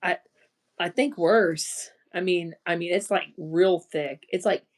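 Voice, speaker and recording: Woman, own voice laid-back Texan co-host, slight twang, slow easy pace. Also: fairly low pitch. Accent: slight Texas twang. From Dallas, Texas. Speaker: livestream co-host. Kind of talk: casual chat.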